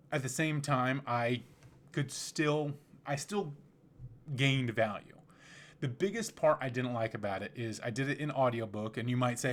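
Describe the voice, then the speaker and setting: A man hosting a podcast, telling a story casually in a relaxed, rambling way with frequent restarts. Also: mid-range voice. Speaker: podcast host.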